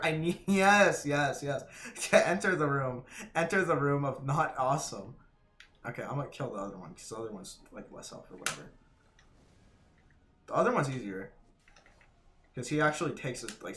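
Cracking-voiced young guy yelling at a game. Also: on the high side. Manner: frustrated, swearing, laughing, yelling at the game. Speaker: streamer. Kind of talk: live gameplay commentary.

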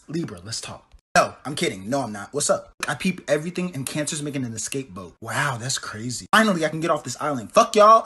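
Fast husky voice doing a whole cast of bickering characters in a comedy skit, swearing a lot, jumping all over in pitch. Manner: rapid, brash, profane banter with jumps in pitch and loudness. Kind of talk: comedy skit, one performer voicing many characters.

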